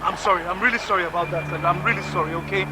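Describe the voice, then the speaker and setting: A man's voice: a little high, brisk, lightly acted. A man playing a desperate pleading young man. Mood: begging. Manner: pleading, repetitive begging. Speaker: Chris, a young man desperate for visa money. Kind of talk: Nollywood film drama acting. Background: film score music.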